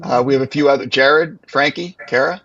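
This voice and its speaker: A man's voice: mid-range voice, fairly quick, a bit bright. A man hosting a live panel Q&A, asking long, winding questions over a video call. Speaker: Q&A host. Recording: dull lo-fi call audio.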